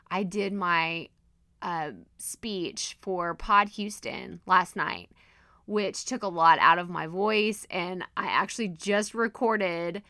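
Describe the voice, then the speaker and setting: A woman hosting her own podcast, teaching in a chatty, animated, self-deprecating way, with her voice strained and going hoarse. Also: medium pitch, no echo, studio quality. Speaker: podcast host and coach. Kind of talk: casual solo podcast teaching.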